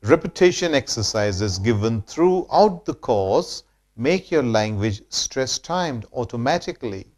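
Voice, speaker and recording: A man from India teaching English pronunciation in a slow, deliberate scripted lesson, repeating example words for drill. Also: medium pitch, lively intonation, darkish tone.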